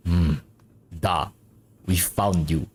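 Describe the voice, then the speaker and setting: A man's voice: sits low, steady tone, very slow, a little mellow, husky, heavily acted. A man voicing a stern ship officer with a put-on Russian accent, reading game dialogue on a live stream with a menacing, questioning drawl. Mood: accusing.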